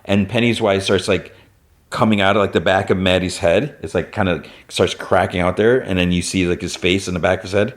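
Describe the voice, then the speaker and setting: A man's voice: low voice, steady tone, fairly quick. A man hosting a podcast, loosely recapping a TV episode with many fillers and acting out characters' lines. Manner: retells scenes, acting out lines in a raised voice; loose, filler-heavy storytelling. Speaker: podcast host.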